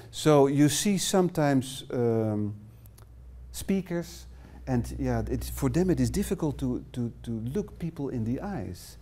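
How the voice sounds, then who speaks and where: Dutch-accented middle-aged male trainer, mellow tone, halting English with fillers, small classroom. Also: medium pitch, a little hiss or hum. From Netherlands. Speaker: workshop trainer. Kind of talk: live workshop presentation.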